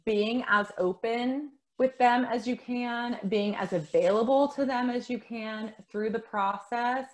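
Middle-aged woman coach, soft and reassuring, casual talk at a medium pitch. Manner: gentle, reassuring, repeats words. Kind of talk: casual conversation.

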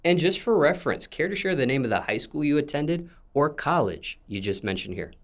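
A man hosting an interview, asking his guest questions in a formal, measured way. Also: a little high, sing-song.

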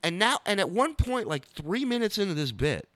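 A man in a casual podcast conversation, telling animated stories and mimicking the people he talks about. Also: high voice, normal speed, dry recording, studio quality. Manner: animated storyteller, mimics the comedian he describes.

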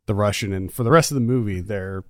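A man's voice: lowish voice, fast, darkish tone, no echo. Guy chatting about movies on a podcast, laughs a lot, dry close mic. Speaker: podcast co-host. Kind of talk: casual movie review chat.

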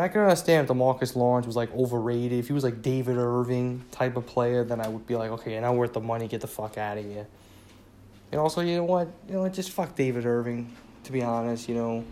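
A sports fan podcaster rants alone about his team in a casual, dark-toned voice of middle pitch. His sentences are loose and rambling, he says "you know" again and again, and he swears freely once riled up. A faint hiss runs beneath the recording.

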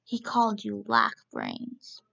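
A woman's voice: mid-range voice, wildly swooping pitch, takes it slowly, vocal fry, bright, forceful tone, heavily acted. A woman reading a story aloud, giving a sly, courteous male rabbit a smug, polite manner in a dull, lo-fi recording. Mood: confiding.

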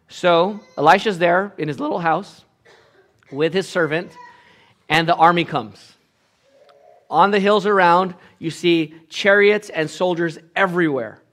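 A man preaching a sermon, retelling a Bible story in a casual, animated way, acting out the characters' voices with big swings from hushed to loud. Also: a little high, moderate pace. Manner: casual asides and filler restarts. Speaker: pastor.

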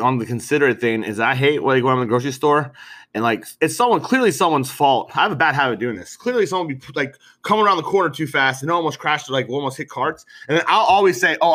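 A man's voice: fairly high pitch, quick pace. A man in casual podcast chat, swearing freely and laughing through his stories. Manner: profane, laughing, animated storytelling.

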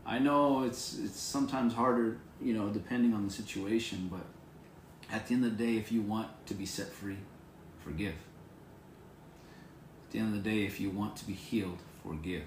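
A man's voice: on the low side, steady tone, normal speed, roomy sound, a little hiss or hum. A man preaching an informal devotional sermon to viewers on camera, earnest and encouraging, repeating his phrases. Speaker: pastor.

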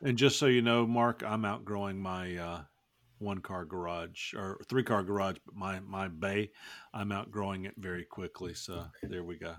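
A man's voice: sits low, steady tone, moderate pace, a bit bright, no echo. A man hosting a casual podcast chat, joking, rambling and laughing often. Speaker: podcast host.

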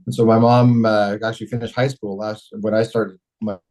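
Fast-talking middle-aged man telling stories. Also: fairly low pitch, poor audio. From Canada. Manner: rambling, self-correcting, animated storyteller. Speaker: mayor, interview guest. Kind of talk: casual storytelling interview.

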